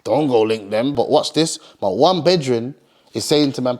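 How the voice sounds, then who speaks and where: A man's voice: medium pitch, normal speed. A young man telling a story in casual street slang, often acting out the people in it. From Birmingham, England. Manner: heavy street slang, animated retelling with acted quotes. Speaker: streetwear brand founder.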